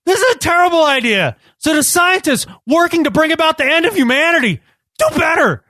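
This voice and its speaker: High-voiced sarcastic man on a podcast. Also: expressive, fairly quick, bright, forceful tone, no room sound. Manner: sarcastic, riffs in mock voices. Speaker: podcast co-host. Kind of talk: casual chat.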